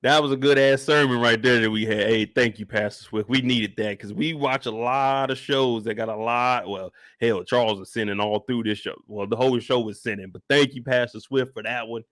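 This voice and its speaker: A man's voice: mid-range voice, brisk, hardly any pauses, no room sound, studio quality. A man hosting a comedic reaction rant about a TV episode, swearing freely and breaking into laughter often. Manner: animated, profane, laughing often. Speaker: show reaction host.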